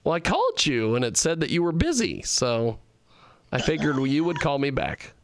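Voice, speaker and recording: A man's voice: fairly high pitch, huge pitch swings, moderate pace, no room sound. A man hosting a radio talk show in casual chat, telling rambling stories and laughing often.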